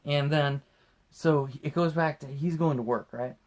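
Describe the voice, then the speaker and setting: A tipsy man hosting a podcast, retelling a movie in casual chat and acting out the characters' lines in loud put-on voices. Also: a little high, moderate pace. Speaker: podcast host.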